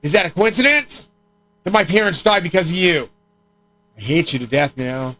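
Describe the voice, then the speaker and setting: A man's voice: a little high, lively intonation, normal speed, bright, forceful tone, poor audio. A man streaming alone, rambling and swearing as he talks. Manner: profane, rambling rant. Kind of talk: rambling livestream talk.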